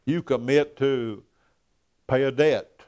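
A man speaking the words of an earnest older male pastor in a gentle but firm, measured way. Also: mid-range voice, clean tone, lightly acted.

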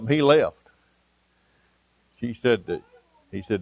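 A man preaching a folksy sermon, pausing often with "uh" and telling homespun stories. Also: medium pitch, no echo, dull audio. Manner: folksy, storytelling, frequent "uh" pauses. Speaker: pastor.

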